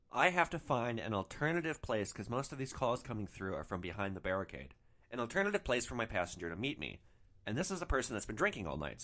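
Animated man telling wild stories. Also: medium pitch. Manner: animated, profane, lively storyteller. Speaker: podcast host. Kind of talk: storytelling podcast.

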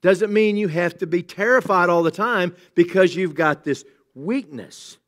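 A man's voice: high-pitched, measured pace. A middle-aged man, a pastor, giving a sermon in a conversational way, with humorous asides and emphatic exclamations.

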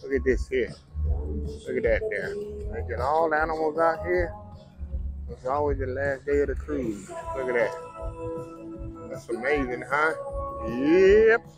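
A man's voice: mid-range voice, measured pace, long pauses, music in the background, rough recording. A man, vlogging casually aboard a cruise ship in a folksy, chatty way and talking straight to his viewers. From Texas. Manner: folksy, chatty, keeps addressing viewers as "y'all". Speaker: food vlogger. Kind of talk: casual vlog narration. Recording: busy crowd noise behind. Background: crowd chatter.

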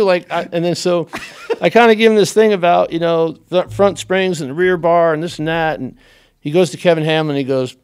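Man, slightly high voice, casual anecdotes, acts out dialogue, frequent laughter. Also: fairly quick, smooth. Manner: animated, acts out quoted dialogue, laughs often. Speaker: podcast guest.

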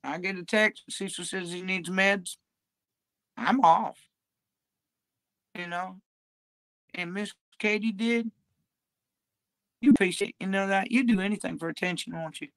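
A woman's voice: medium pitch, a little slow, long pauses, no room sound. A woman livestreaming, talking in a crude, profane, drawling ramble.

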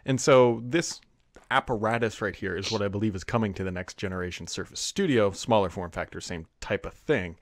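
A man's voice: lowish voice, a little fast, no echo. A man co-hosting a casual tech podcast, talking in a loose, wry way with dry jokes. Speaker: podcast co-host.

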